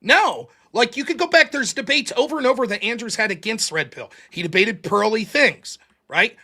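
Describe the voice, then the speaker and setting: A man's voice: high voice, expressive, moderate pace, bright, forceful tone. A man hosting a call-in show, ranting profanely and mocking critics' voices. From United States. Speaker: host. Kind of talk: casual call-in show chat.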